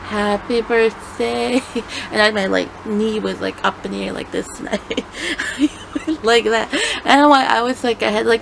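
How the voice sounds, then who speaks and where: A woman's voice: mid-range voice, fairly bright tone, low-quality recording. A young woman talking casually and rambling through a storytime vlog, with lots of fillers and self-corrections. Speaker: vlogger. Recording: clear background noise.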